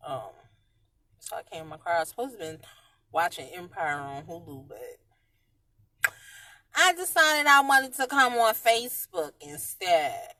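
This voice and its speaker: A woman chatting casually on a live stream from her parked car, slangy and swinging between loud and quiet. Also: lowish voice, very animated, a little slow, long pauses, no room sound. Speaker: vlogger talking live to viewers.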